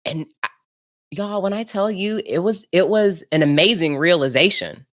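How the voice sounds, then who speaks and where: A woman's voice: lowish voice, normal speed, fairly bright tone. A woman hosting a podcast in casual, bubbly chat, laughing often as she tells stories. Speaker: podcast host.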